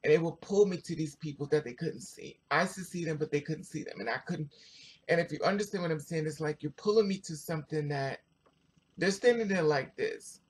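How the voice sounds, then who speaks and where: A vlogger telling a personal story to viewers in a chatty, animated way, full of asides. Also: mid-range voice, a little fast, slightly rough. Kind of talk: casual storytelling to camera.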